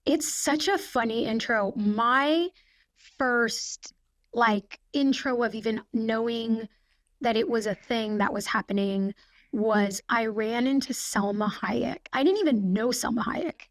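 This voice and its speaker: A woman in her forties, a podcast guest, telling stories in a quick, chatty way full of "like". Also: fairly high pitch, no echo. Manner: chatty, fast storytelling with frequent "like". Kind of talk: casual anecdote telling.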